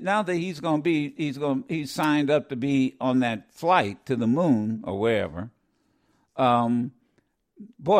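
Rambling, animated radio talk show host, man. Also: on the high side. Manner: rambling, many fillers and restarts; blunt and opinionated.

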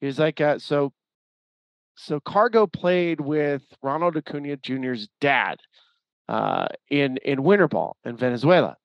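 Higher-pitched guy on a sports podcast, animated, acts out the back and forth, dry muffled sound. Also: unhurried, no echo. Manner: animated storyteller, acts out quoted exchanges. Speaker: podcast co-host. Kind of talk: casual sports chat. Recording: dry, slightly muffled audio.

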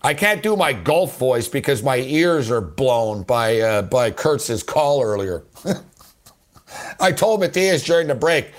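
A man hosting a sports betting radio show, talking in a loose, slangy, excitable ramble that keeps interrupting itself. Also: on the high side, moderate pace. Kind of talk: casual rambling radio talk.

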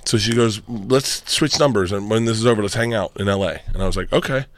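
Guy telling rowdy stories on a podcast, lowish voice, dry close sound, laughs thru it. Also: quick pace, no echo. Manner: loud storyteller, laughs while talking. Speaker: guest comedian. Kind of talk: casual podcast banter.

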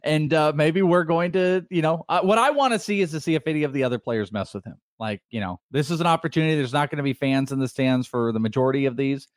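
A man co-hosting a sports talk show, laughing often and halting with fillers as he tells stories. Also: fairly high pitch, no echo, studio quality. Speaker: sports radio host. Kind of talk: casual sports talk banter.

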